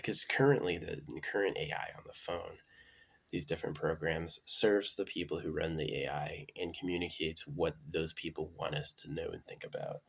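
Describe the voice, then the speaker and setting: A man's voice: rumbling low, steady tone, normal speed, creaky, a bit bright. A man talking in a casual, meandering monologue with many fillers and restarts. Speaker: channel host.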